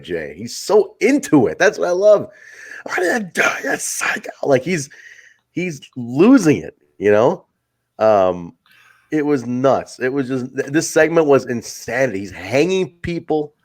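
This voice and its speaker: A man co-hosting a casual wrestling review podcast, excitable and swearing freely, acting out quotes as he talks. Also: mid-range voice, unhurried. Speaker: podcast co-host.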